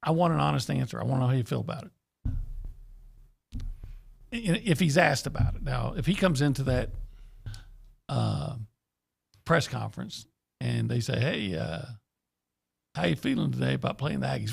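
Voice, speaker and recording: Man, gravelly husky voice, slightly high, measured sports radio talk. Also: lively intonation, fairly bright tone. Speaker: sports radio co-host, former reporter. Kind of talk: casual sports radio chat.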